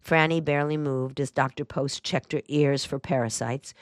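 A woman reading a first-person memoir aloud as a narrator, in a dry, even storytelling manner. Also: rumbling low, moderate pace, few pauses, no room sound. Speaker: audiobook narrator.

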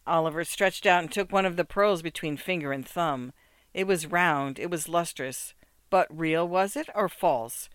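This narrator reads a literary story from a script, his phrasing rhythmic and measured. The voice is smooth and resonant, pitched slightly high, with a fairly bright tone, captured in a dry, close recording with no surrounding room sound.

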